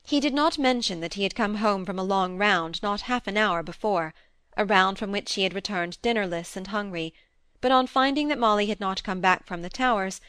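Woman reading an old novel aloud, smooth clear voice, close dry mic, measured. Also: medium pitch, fairly bright tone, dry recording. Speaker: audiobook narrator. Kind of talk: scripted narration.

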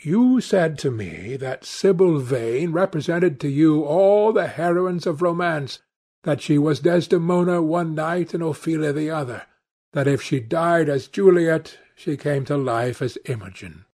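A witty, cynical aristocratic gentleman , as a male reader voices him, drawls his epigrams slowly, in a slightly high voice. He lectures at leisure, never hurried. It is a storybook reading. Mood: languid.

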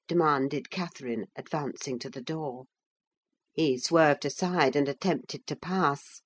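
A woman narrating a classic novel as an audiobook, in a measured, unhurried reading. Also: deep voice. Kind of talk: scripted narration.

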